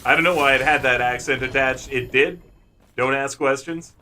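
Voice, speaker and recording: A man's voice: medium pitch, fairly even intonation, normal speed, sharp tone, faint music behind. A man giving casual, jokey commentary while streaming a video game, talking to himself as he plays. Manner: playful, jokey, talks to himself.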